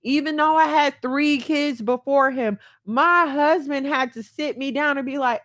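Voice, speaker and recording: Earnest woman host, rather high voice. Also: unhurried, hardly any pauses, a bit bright. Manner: candid, emotional, earnest. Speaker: podcast host. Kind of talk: personal talk to listeners.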